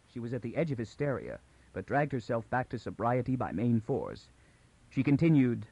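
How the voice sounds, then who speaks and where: A man narrating a science fiction audiobook in an even, clear storytelling way. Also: medium pitch, normal speed, no room sound, highs cut off.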